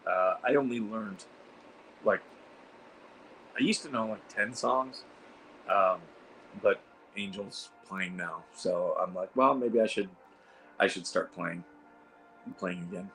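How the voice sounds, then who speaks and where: A man with a Midwestern accent and a hoarse, worn voice, chatting casually on a home livestream in a rambling way. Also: low-pitched, steady tone, takes it slowly, long pauses, bright, forceful tone, soft background music, rough recording. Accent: Midwestern American. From Ohio. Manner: rambling, chuckling, restarts phrases. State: hoarse, losing voice. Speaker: livestream host.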